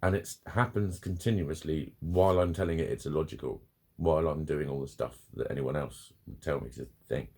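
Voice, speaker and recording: A man's voice: very deep voice, brisk, gravelly, a little mellow. A man venting in a rambling, sweary, self-critical vlog. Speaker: vlogger. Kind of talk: casual confessional vlog.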